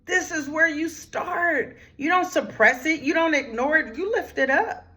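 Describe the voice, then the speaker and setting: A woman therapist hosting a talk on grief, speaking emphatically and straight to her listeners, dropping to a hush one moment and rising with force the next. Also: sits high, expressive, measured pace. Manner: emphatic, preacherly, talks straight to listeners with "y'all"; swings from hushed whispers to raised, forceful lines. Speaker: grief therapist and channel host.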